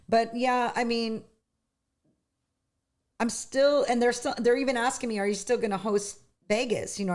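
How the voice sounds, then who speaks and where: A middle-aged woman, a singer, chatting as an interview guest with lots of restarts and lively retelling. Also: fairly low pitch. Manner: chatty, animated storytelling with many restarts. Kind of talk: casual interview chat.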